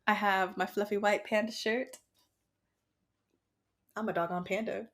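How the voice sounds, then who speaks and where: Young woman, casual co-host, quick to laugh, lively storyteller. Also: medium pitch. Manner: laughs often, animated storytelling. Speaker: podcast co-host. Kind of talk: casual chat.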